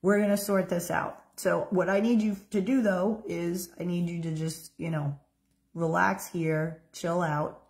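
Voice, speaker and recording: Woman as a tender mother at the bedside, soft and reassuring, a touch higher than usual. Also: expressive, takes it slowly. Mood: soothing. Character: gentle, nurturing mother comforting her child.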